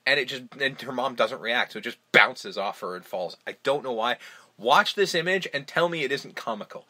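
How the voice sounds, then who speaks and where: A man's voice: medium pitch, expressive, fairly quick, pushed and bright. A man hosting a casual film podcast, retelling movie scenes with lots of swearing. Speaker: podcast host.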